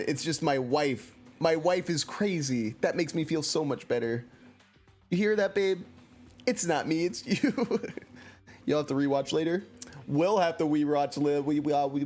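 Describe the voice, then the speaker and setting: A man's voice: fairly high pitch, measured pace, darkish tone, soft background music. A man giving casual, joking commentary while streaming a story game and reading chat aloud, into a computer mic at home.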